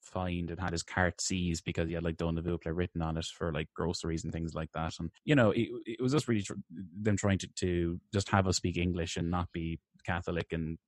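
An Irish man in his twenties co-hosting a podcast, chatting in an animated way and often repeating words as he starts a sentence. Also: sits low, brisk, hardly any pauses, no echo, studio quality. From Ireland. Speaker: podcast co-host. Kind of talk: casual podcast chat.

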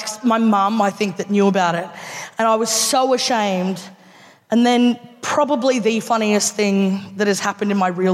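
A woman's voice: mid-range voice, darkish tone. A woman comedian with an Australian accent, telling a story with a laugh in her voice to a live audience. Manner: laughing, loose and chatty. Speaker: stand-up comedian. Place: theatre stage before an audience. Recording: reverberant live theatre recording, faint noise.

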